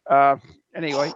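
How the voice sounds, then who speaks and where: A man's voice: mid-range voice, lo-fi sound. A man co-hosting a casual podcast who reads out listener questions, jokes a lot and fills his talk with uhs. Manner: jokey, halting with many fillers. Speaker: co-host asking listener questions.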